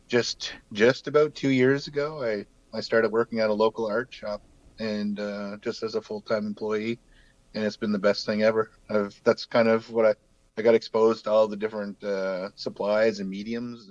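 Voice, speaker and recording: A man's voice: fairly low pitch, dry recording, lo-fi sound. Easygoing east coast canadian man. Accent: New Brunswick Canadian. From New Brunswick, Canada. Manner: easygoing, rambling with many fillers. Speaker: guest artist. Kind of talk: casual video-call chat.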